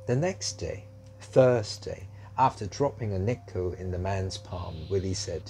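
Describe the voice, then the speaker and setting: A man narrating a children's story in a slow, measured reading. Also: sits low, a little mellow, soft background music.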